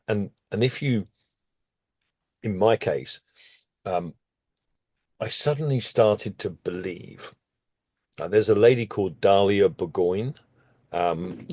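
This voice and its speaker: A man recounting a story in relaxed conversation, his fairly low voice leaping up whenever he gets excited. The sound is close and dry, with no room around it. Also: no echo. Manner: animated, with sudden jumps in pitch. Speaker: interview guest.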